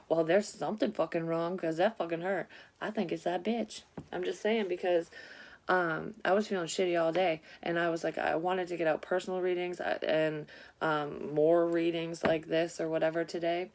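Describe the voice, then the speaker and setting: A woman with a low voice reads tarot cards for her vlog audience. She talks in a loose, rambling way, blunt and full of curse words. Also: steady tone, normal speed, a little mellow. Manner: blunt, rambling, heavy swearing. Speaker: psychic tarot reader. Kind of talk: casual tarot reading vlog.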